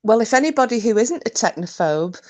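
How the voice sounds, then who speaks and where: A woman's voice: a little high, very animated, brisk, a little mellow, no room sound. A woman hosting a livestream in casual chat, rambling and often breaking into giggles. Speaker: livestream host.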